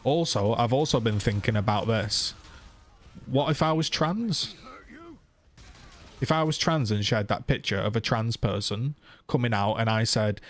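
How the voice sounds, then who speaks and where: A man's voice: medium pitch, lively intonation, measured pace, long pauses, a little hiss or hum. A man streamer ranting heatedly to his viewers, swearing and firing off rhetorical questions. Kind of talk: casual live-stream rant.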